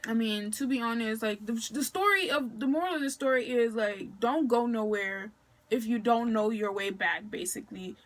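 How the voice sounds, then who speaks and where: A woman's voice: fairly high pitch, moderate pace. Chatty young woman telling a story. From Maryland, USA. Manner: chatty, filler-heavy, slangy retelling with quoted dialogue. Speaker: vlogger. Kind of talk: casual storytime vlog.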